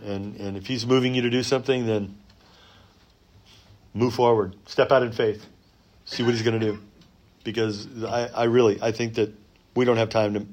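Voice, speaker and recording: A man preaching a sermon in a conversational way, rising for emphasis and dropping to soft asides. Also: mid-range voice. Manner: conversational, many fillers and restarts. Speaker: pastor.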